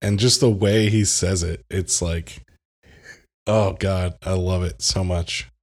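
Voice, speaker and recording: A man with a very low voice co-hosts a podcast in loose, casual chat. He tells stories with energy, laughs easily and slips into imitations of other people's voices. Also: slow. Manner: animated storyteller, mimics voices, laughs often. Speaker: podcast co-host.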